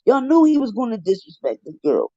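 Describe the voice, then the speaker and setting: A man's voice: extremely high pitch, wildly swooping pitch, fairly quick, mellow, no room sound. A man giving heated, profane live commentary, ranting in an exasperated way on a livestream. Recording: dull lo-fi dry livestream audio.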